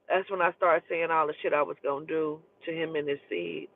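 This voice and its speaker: A woman's voice: sits low, a little fast, vocal fry. A woman telling a personal story in casual, profane speech, acting out the people in it as she goes. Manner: profane, animated, acts out the people in her story. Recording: tinny phone-like sound, dry.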